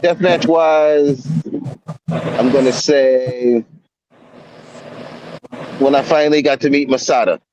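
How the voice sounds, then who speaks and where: A man being interviewed, answering slowly and thoughtfully in a casual chat. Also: mid-range voice, steady tone, lo-fi sound, background noise. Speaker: interview guest, wrestler.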